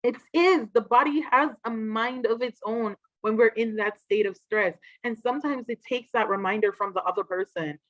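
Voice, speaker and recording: A woman, a trauma expert, giving an animated, casual talk on a livestream and acting out quoted voices. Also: on the high side, moderate pace, hardly any pauses, no echo, highs cut off.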